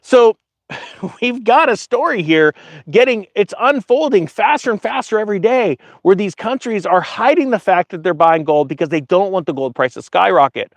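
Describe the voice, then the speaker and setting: Male finance commentator, high and very lively pitch, jokey digressions, dry close sound. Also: normal speed, no room sound. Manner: animated, digressive, jokey asides to viewers. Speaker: finance commentator, channel host. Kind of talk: casual commentary while reading an article aloud.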